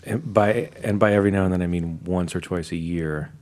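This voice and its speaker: A man's voice: deep voice, moderate pace, a little mellow. A man co-hosting a podcast in casual chat, laid-back and wry. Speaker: podcast co-host.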